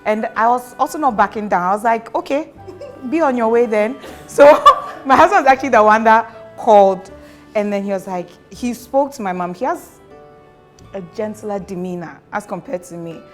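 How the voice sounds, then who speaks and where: Woman from Ghana, mid pitch, lively storyteller, acts out quotes, faint music bed. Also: normal speed. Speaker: mother sharing her experience. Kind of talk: casual chat.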